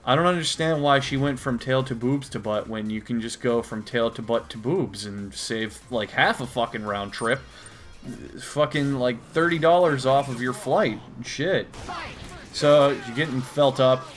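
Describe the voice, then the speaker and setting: A man giving crude, rambling comedic commentary while reading a comic aloud, with profane deadpan asides. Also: medium pitch, a little slow, faint music behind. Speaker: comedy video host.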